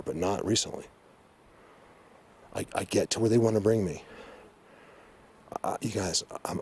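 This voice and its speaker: Guy with a lowish voice rambling to his camera outside in the woods, gets emotional, trips over his words, faint outdoor noise. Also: darkish tone. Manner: emotional, rambling, with frequent restarts. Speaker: vlogger. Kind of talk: excited hiking vlog to camera.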